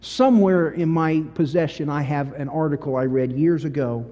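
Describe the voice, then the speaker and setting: A man preaching a sermon as pastor, telling stories emphatically, swinging from quiet to loud. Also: on the high side, moderate pace, lo-fi sound. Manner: emphatic, animated storytelling with big swings in volume. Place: church sanctuary. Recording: long church-hall reverb.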